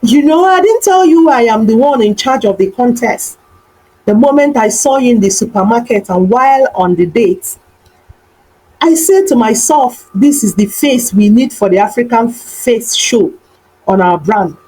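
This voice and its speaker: A woman voicing a gentle young man suitor. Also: on the high side, lively intonation, normal speed, poor audio. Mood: cheerful.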